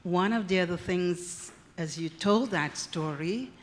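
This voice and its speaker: A woman from Canada asks the speaker a question from the audience. She is polite and appreciative, with a halting, unhurried delivery. Her voice sits very low for a woman. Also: slight background noise. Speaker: audience member asking a question. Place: conference hall.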